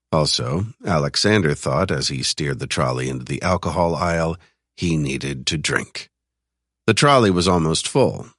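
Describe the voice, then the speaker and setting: A man narrating a thriller audiobook in an even, measured reading style. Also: rumbling low, no room sound, clean studio sound.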